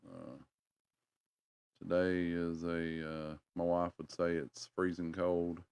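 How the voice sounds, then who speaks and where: A man's voice: low voice, little pitch movement, slow pace, darkish tone, smooth, no echo. A middle-aged man with a North Carolina Southern accent, chatting casually on a livestream in a rambling, folksy way and talking to his viewers. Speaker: livestream host.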